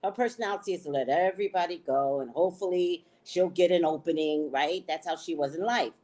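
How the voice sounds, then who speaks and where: A woman host telling a story in a casual chat, animated and laughing, salty, often checking in with "right?". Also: on the low side, a little fast. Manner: frank, salty slang.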